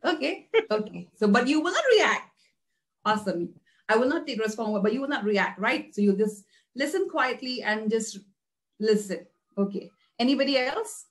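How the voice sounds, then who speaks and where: A woman teaching a class in a lively, questioning way, checking her listeners with "right?" as she goes. Her voice sits a little high and she repeats words while building each point. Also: moderate pace. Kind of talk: interactive online class talk.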